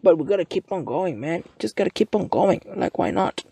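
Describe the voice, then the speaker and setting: A man's voice: high-pitched, expressive, fairly quick, vocal fry, warm tone, husky, no room sound. A young man, talking casually through a maths exam paper as a tutor and often asking "you see". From South Africa. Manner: chatty, asks listeners "you see".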